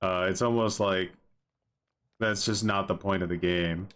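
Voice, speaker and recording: A man's voice: low voice, fairly even intonation, a little slow, a bit bright, smooth. A young man streaming a game, chatting casually with viewers in a laid-back way, full of fillers. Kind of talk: casual livestream commentary.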